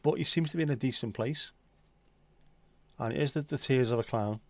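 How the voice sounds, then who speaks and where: Male stream host, mid pitch, dry close sound, loose sweary banter. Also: brisk, no echo. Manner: chatty, sweary, banter-filled. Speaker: livestream host. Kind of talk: casual chat reading viewer comments.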